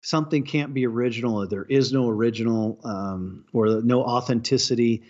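A man's voice: medium pitch, normal speed, a little mellow. Hesitant man on a dull mic. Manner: hesitant, many restarts and agreeing fillers. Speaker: podcast co-host. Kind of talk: casual podcast chat.

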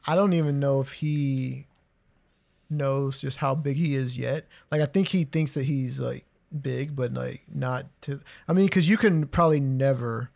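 A man's voice: mid-range voice, unhurried, creaky, darkish tone. A young man co-hosting a casual podcast, laid-back, reacting briefly and rambling with restarts. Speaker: podcast co-host.

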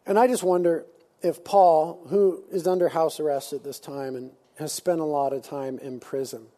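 A man preaching a sermon in an animated, conversational way, slipping into casual slang. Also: a little high, normal speed. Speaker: pastor.

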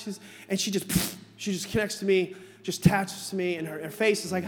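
A man preaching as a pastor, telling a lively story with acted voices, then leading a prayer, somewhat out of breath. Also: sits high, fairly quick. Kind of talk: sermon with altar call. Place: church auditorium. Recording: long hall reverb with music behind.

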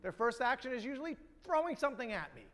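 A man's voice: extremely high pitch, sing-song, fast talker, a bit bright. A middle-aged man preaching a sermon, telling stories and building to repeated rhetorical questions. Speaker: pastor. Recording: long reverb of a large hall.

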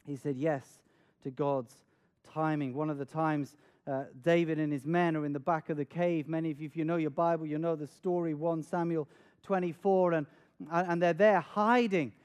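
Preacher, male, high voice, earnest sermon delivery with dramatic retellings and stuttered repeats. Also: fairly even intonation, normal speed, darkish tone, clear, resonant tone. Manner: earnest, repeats words when stressing a point; dramatic, acts out scenes with raised voice.

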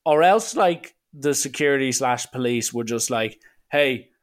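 A young man telling a funny anecdote in a casual, animated way, slipping into voices now and then. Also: mid-range voice, moderate pace. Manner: lively, animated, breaks into voices. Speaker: storyteller.

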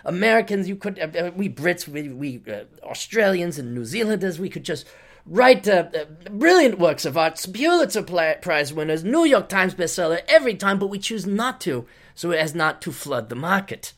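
A man putting on an upper-class British accent to play a condescending, drawling British gentleman author. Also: high voice, very animated, moderate pace, full character voice. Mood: smug. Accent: put-on upper-class British.

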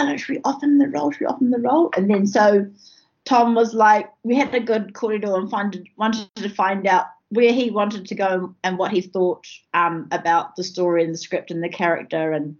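A woman, a producer telling a story in casual chat, lively and full of fillers. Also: medium pitch, normal speed. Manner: lively, laughing, lots of fillers. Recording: slightly muffled recording.

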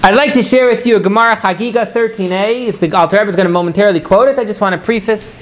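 A man's voice: high-pitched, racing. A man teaching a Torah class, often repeating words as he starts and putting questions to his listeners.

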